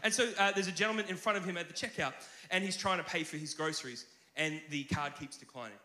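A man preaching a sermon as pastor, telling stories in a conversational, animated way with many restarts. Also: on the high side, fast, echoey room.

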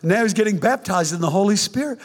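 High-voiced older preacher in a hall. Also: male voice, quick pace. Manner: animated, joking storyteller, frequent restarts. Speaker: pastor. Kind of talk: sermon with personal testimony. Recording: reverberant hall.

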